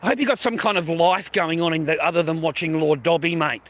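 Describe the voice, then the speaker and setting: A man's voice: fairly high pitch, fast, fairly bright tone. A man live streaming, ranting at his chat in a profane, sarcastic, confrontational way, outdoors on a city street.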